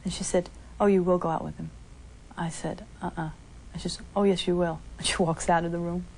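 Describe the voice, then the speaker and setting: A woman recounting personal memories in an interview, acting out what others said to her with lively shifts in voice. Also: fairly low pitch, brisk, gravelly, a little hiss or hum. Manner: acts out quoted dialogue with lively shifts. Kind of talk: candid storytelling interview.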